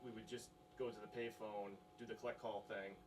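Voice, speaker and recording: Fast-talking rambling man. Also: lowish voice, flat delivery, breathy edge. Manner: rambling, quick, filler-heavy. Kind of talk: casual comedic chat.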